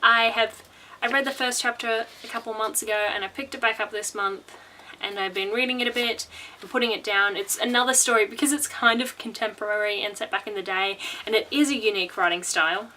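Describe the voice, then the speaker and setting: Bubbly high-voiced woman book vlogger. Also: fairly even intonation, fairly quick, sharp tone, a little hiss or hum, poor audio. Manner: chatty, bubbly, with laughs and restarts. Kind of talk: casual book chat.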